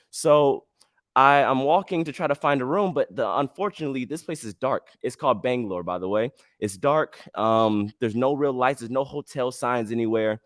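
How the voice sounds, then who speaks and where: Male podcast host, animated storyteller, mid-pitched voice, dry close sound. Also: moderate pace, no room sound. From United States. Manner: animated, casual slang, acts out dialogue.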